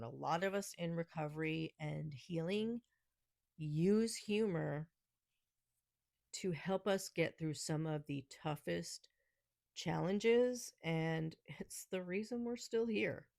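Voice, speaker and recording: This woman hosts a casual solo podcast in a New York accent, full of snarky, sarcastic humor, and she laughs often between remarks. Her voice is deep, gravelly and darkish, and she speaks slowly. The recording is dry and studio quality.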